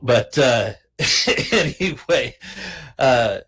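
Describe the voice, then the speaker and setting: A man's voice: medium pitch, expressive, drawn-out words, a bit bright, slightly rough. A man in casual chat, blunt and jokey, laughing often, from Portland. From Portland, USA.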